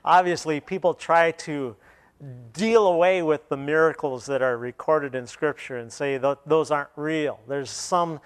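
A man preaching a sermon, retelling scripture and then explaining it with pauses and restarts. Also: fairly high pitch, clean tone.

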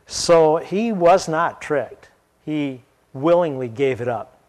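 A man's voice: a little high, expressive, slow, darkish tone. A man reading a Bible passage and explaining it in a conversational teaching style, asking rhetorical questions. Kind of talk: Bible study reading and commentary.

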